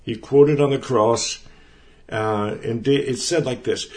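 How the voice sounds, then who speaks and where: A man gives an earnest, conversational Bible teaching. He leans into key words and repeats them for emphasis. His voice sits at an ordinary middle pitch. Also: slow pace, a little mellow.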